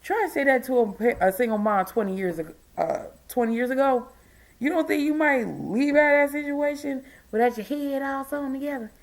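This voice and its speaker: A woman's voice: sits high, brisk. A tired middle-aged woman, a single mom, ranting to her viewers in an exasperated, emphatic way. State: tired, yawning. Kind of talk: casual ranting vlog.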